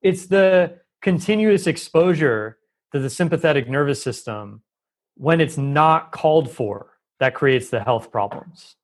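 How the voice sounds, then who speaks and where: A man on a podcast explaining health ideas at length, lively and talkative, often acting out quoted voices. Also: a little high, a little slow. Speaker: guest expert on holistic health. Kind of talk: conversational podcast interview.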